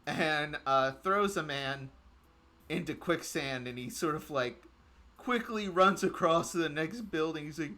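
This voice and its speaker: A man narrating a tabletop game as game master, unhurried and full of filler pauses. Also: fairly high pitch, bright, forceful tone. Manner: unhurried, hesitant with many fillers.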